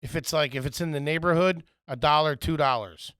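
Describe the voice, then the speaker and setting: Bright-voiced joking man. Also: a little high, no room sound, clean studio sound. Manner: joking, swearing, quick questions. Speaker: podcast co-host. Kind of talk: casual comedic chat.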